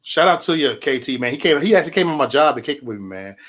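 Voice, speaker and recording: This livestream host talks in an expressive, quick, slightly bright mid-range voice. He rambles loosely through the casual chat, dropping profanity, using "man" again and again, and chuckling between his remarks.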